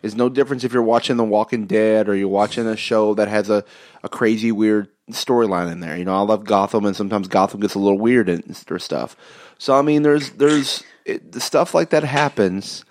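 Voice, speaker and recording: A man's voice: on the low side, brisk, a little mellow. A man co-hosting a casual wrestling podcast, rambling, with frequent restarts and fillers. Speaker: podcast co-host.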